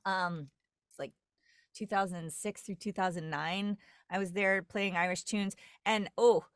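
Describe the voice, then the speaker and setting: A woman's voice: mid-range voice, fairly even intonation, a little slow, clear, resonant tone, no echo, clean studio sound. A woman from New York, a dialect coach, telling stories in a rambling casual chat full of fillers and restarts. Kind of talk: casual podcast conversation.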